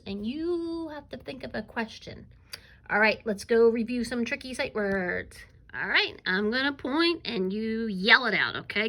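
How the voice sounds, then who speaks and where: A woman teacher giving a recorded reading lesson to young children, encouraging them to answer aloud and pausing on "um" fillers. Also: fairly high pitch, pushed and bright, rough recording. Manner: coaxing and encouraging, asks pupils to answer aloud; frequent um fillers while explaining.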